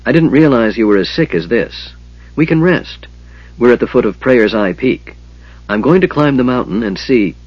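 A man voicing a calm, concerned male leader who speaks gently and reassuringly. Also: medium pitch, normal speed, no echo, highs cut off, lightly acted.

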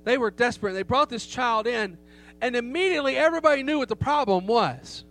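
A man's voice: very high-pitched, animated, fast talker, fairly bright tone, faint music behind. A middle-aged man preaching a sermon, telling a story with emphasis and rhetorical questions to the congregation. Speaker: pastor. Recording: faint hum behind the voice.

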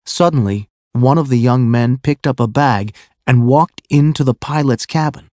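A man narrating a graded-reader audiobook in a clear, measured way. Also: medium pitch, a little mellow, no room sound.

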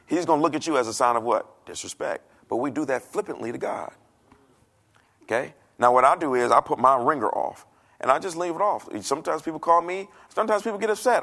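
A middle-aged pastor preaches from a church stage. His voice is gravelly, and his pitch rises and falls a great deal. He talks casually and jokes, acting out the voices of the people he quotes. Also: lively intonation, moderate pace, fairly bright tone. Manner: conversational, joking, acts out quoted voices. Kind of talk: sermon.

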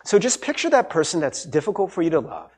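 A man's voice: fairly high pitch, very animated, fast talker, breathy edge. A man preaching a sermon as pastor, talking in a conversational way with frequent restarts, little asides and light humor.

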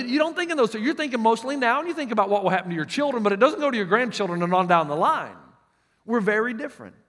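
A man with a Southern US accent preaches in a high, bright voice. He tells stories with emphatic repeats. His voice rings with the long reverb of a large church hall. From United States. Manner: emphatic storytelling preacher with many restarts. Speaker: pastor. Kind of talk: sermon.

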